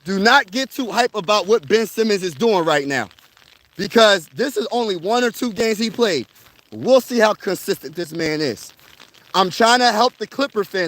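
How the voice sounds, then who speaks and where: Young male sports vlogger with a high voice, chatty and hyped, talking on the move outdoors. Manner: excitable, slangy, repeats himself. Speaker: sports vlogger covering his city's teams. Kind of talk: casual livestream chat. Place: outdoors on a snowy wilderness trail, walking.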